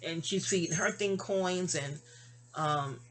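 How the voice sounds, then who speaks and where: A woman in her fifties from New York, casually telling a personal story with rambling asides and self-corrections. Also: slow pace. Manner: acts out remembered dialogue with raised pitch.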